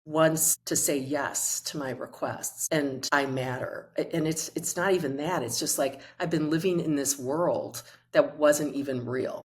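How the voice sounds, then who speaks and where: Low-voiced woman telling a story. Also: measured pace, few pauses. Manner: animated storyteller acting out quoted dialogue. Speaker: guest, coach and author. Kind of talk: conversational storytelling.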